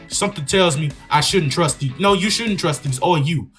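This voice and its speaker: A man's voice: fairly high pitch, normal speed, hardly any pauses, a bit bright, faint music behind. A man giving joking, slangy commentary on a horror game while reading its dialogue aloud. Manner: joking, slangy, riffing on the story. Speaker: gaming YouTuber.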